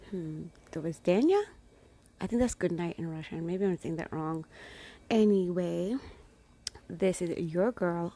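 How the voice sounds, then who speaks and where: A woman with a slightly low voice chats casually to her followers. She rambles along in a playful, loose way and keeps slipping into hushed, whispered asides. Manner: chatty and rambling, with playful greetings. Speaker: vlogger.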